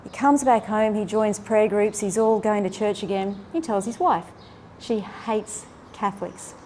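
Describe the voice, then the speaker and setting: A woman earnestly retelling a faith story and reflecting on its meaning, with an animated, heartfelt delivery. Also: mid-range voice, a little slow, slight background noise. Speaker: faith speaker.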